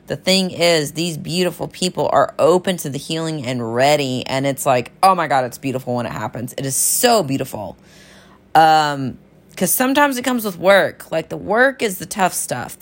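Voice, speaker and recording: A woman health practitioner chatting enthusiastically about her patients in a casual storytelling monologue, often calling her listeners y'all. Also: deep voice.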